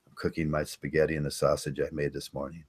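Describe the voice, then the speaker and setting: An older man hosting a casual podcast, rambling and chatting with listeners, halting with many fillers and restarts. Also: a bass voice, level tone, breathy edge. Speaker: podcast host. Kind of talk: casual live-stream chat.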